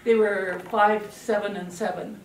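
An older woman giving a parenting talk to an audience, telling stories in an animated way and acting out children's voices. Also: mid-range voice, measured pace, echoey room, recorded from a distance, slight background noise. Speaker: parenting speaker.

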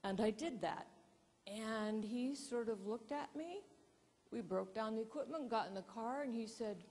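A woman keynote speaker and presentation coach, telling a story to an audience in a lively, animated way. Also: a little high, measured pace, slightly rough, in a large hall.

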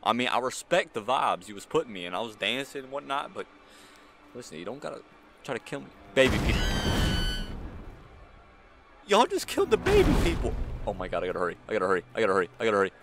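A man's voice: on the low side, lively intonation, racing, creaky, heavy background noise. A man hosting a gaming channel, doing casual let's-play commentary; he talks to the screen in slang and yelps when he is startled. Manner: jumpy, talks to the screen, frequent frightened yelps; casual slang, says "bro" and "y'all".

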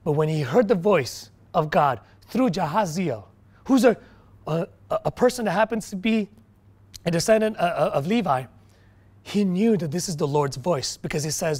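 A male pastor preaching a sermon, swinging from quiet, low stretches to loud, emphatic bursts, with frequent restarts. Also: lively intonation, normal speed, slightly rough.

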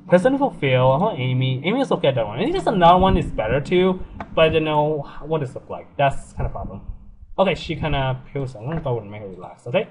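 A young man talks through his game in a loose, chatty commentary. His voice sits somewhat high and swings widely in pitch, and he laughs and swears easily. A faint hiss lies under the recording. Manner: excitable, laughs often, swears freely. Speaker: let's play gamer.

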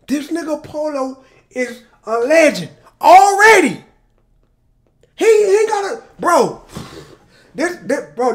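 A man reacting to music on his channel, excitable and emotional, shouting and exclaiming and talking straight to his viewers. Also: very high voice. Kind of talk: casual reaction commentary.

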